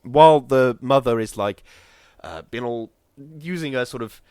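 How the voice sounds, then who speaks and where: A man chatting casually on a podcast, rambling and animated as he tells stories in put-on voices. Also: medium pitch, moderate pace, smooth, no echo, clean studio sound. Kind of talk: casual chat.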